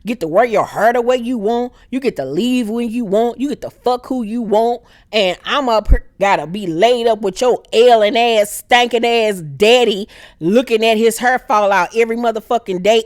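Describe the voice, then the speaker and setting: Animated woman recapping a TV show. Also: a little high, moderate pace, dry recording, studio quality. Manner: animated, acts out characters in exaggerated voices. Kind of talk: casual profane TV recap.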